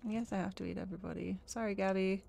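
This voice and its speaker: Gravelly woman reading a game aloud. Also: medium pitch, fairly even intonation, very fast, mellow, a little hiss or hum. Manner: playful, reads game text and jokes along. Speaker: let's play host. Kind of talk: casual game playthrough with read-aloud narration.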